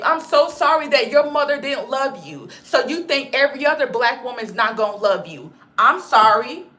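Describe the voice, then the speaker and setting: High, bright-voiced woman ranting. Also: expressive, moderate pace, few pauses. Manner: emphatic and profane, repeats lines for effect; calls her listeners "baby". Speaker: channel host. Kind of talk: ranting commentary vlog.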